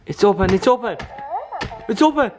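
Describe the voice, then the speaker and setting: A man's voice: sits high, expressive, normal speed, over music. A young man acting out a scripted horror skit for his vlog, panicking and repeating his exclamations. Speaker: vlogger.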